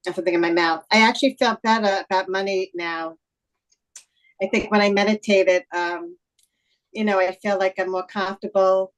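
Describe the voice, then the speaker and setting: A woman on a video call speaking haltingly, stammering with many ums. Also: mid-range voice, fairly even intonation, poor audio. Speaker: call participant.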